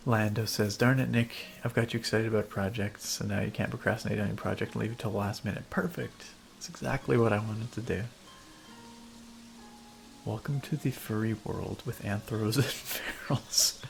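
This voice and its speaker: A man's voice: fairly low pitch, steady tone, normal speed, creaky, faint music behind. A man casually chatting and laughing as he streams a game, rambling between thoughts. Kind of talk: casual gameplay commentary.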